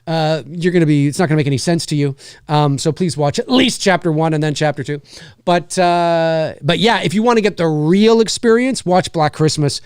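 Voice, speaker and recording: A man's voice: fairly high pitch, moderate pace, a little mellow, smooth, no room sound, clean studio sound. A man hosting a live stream, chatting casually about films and answering viewers in a rambling, self-correcting way. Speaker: livestream host and indie filmmaker.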